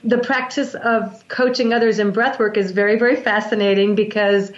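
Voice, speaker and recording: A woman's voice: medium pitch, fairly even intonation, moderate pace. A woman guest explaining breath work in an earnest, flowing way, often restarting her sentences. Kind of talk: explanatory interview talk. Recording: roomy, dull lo-fi sound.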